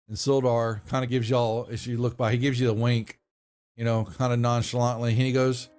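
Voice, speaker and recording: A man's voice: medium pitch, level tone, a little fast, darkish tone, faint music behind. A man, narrating a tabletop game as game master in a loose, folksy way.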